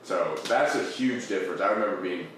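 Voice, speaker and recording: A man telling a story in casual chat, relaxed and drawn out. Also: low-pitched, fairly quick, slight background noise. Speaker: podcast co-host. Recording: very echoey room from a distance.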